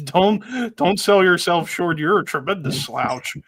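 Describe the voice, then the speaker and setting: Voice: mid-range voice, lively intonation, unhurried, a bit bright. A stream host in casual chat, giddy and laughing a lot.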